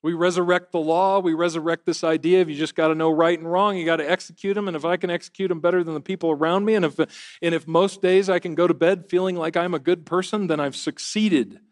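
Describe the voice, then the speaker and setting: A middle-aged male pastor preaches in a relaxed, conversational way, poking fun at himself and often starting a phrase twice. His voice sits a little higher than most men's. The sound is dry and close, with no echo of the church room. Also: fast talker. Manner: conversational, self-deprecating, repeats words while thinking. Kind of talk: sermon. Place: church service.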